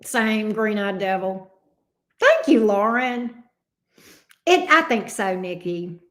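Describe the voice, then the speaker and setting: A woman's voice: medium pitch, sing-song, takes it slowly, a bit bright. A woman in her fifties hosting a livestream as a tarot reader, chatting casually with viewers, blunt and profane, laughing easily. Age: 50s. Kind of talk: casual livestream chat reading viewer comments.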